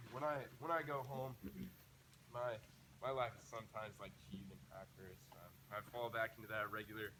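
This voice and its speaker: A man's voice: on the low side, steady tone, normal speed, pushed and bright. A young man giving a camp closing talk. He tells a humorous personal story and often restarts his sentences. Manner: humorous anecdotal telling with frequent restarts. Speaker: camp speaker. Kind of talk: storytelling sermon. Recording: noisy live recording.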